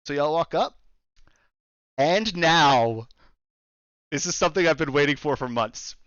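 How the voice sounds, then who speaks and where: Young guy gm rambling thru a d&d scene, pitch all over, dry dull call audio. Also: lively intonation, a little slow, fairly bright tone, smooth, dry recording. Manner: rambling, with fillers and restarts. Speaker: game master. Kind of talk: narrating a tabletop game over a call.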